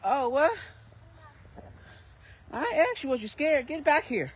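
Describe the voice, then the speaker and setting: A woman's voice: high-pitched, expressive, unhurried. A woman vlogging casually on an outdoor park trail, a little out of breath, chatting and teasing her kids as she walks, on a handheld phone. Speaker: vlogger and mother. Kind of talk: casual walking vlog.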